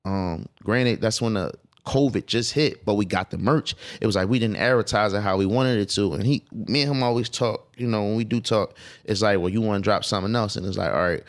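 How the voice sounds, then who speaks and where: A man's voice: lowish voice, brisk. A man talking as a guest on a podcast, casual and emphatic, with profane streetwise phrasing. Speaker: clothing designer guest.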